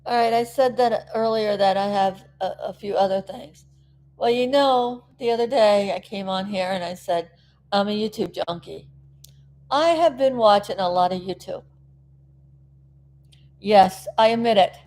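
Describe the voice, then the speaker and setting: A woman's voice: mid-range voice, a little slow, a little mellow. A woman from South Florida, a vlogger recovering from an injury, chatting to viewers in a rambling, emotional way. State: recovering, tearful. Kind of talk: casual chat to camera.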